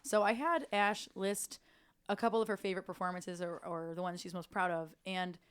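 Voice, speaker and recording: A woman's voice: on the low side, fairly even intonation, moderate pace, clear, resonant tone. Chatty woman hosting a music show. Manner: playful, chatty, swears casually. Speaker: podcast host. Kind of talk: casual chat.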